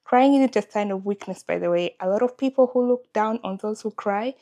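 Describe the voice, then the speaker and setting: A woman's voice: medium pitch, fairly quick, dark tone. A young woman, talking candidly and emotionally in a confessional vlog. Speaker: vlogger.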